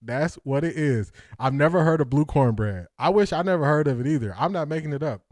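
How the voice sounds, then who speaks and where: Guy from ohio chatting on a stream, keeps laughing and repeating himself, slightly high voice, dry sound. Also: lively intonation, fairly quick, no echo. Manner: laughs often, repeats lines for effect. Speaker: sports talk livestream host reading chat. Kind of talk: casual livestream chat.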